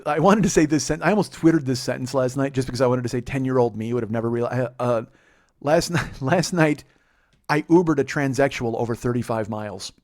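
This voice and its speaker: A man's voice: mid-range voice, brisk. A man hosting a comedy podcast, telling a crude, rambling story with sarcastic asides. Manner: crude, sarcastic, jumps into silly voices.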